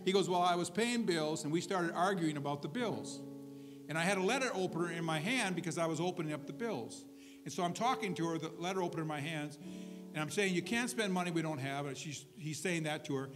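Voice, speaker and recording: Pastor, man, high-pitched, relaxed storyteller who keeps checking in with his congregation; guitar music under the sermon. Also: fast talker. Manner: conversational storytelling with asides to the congregation. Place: church service.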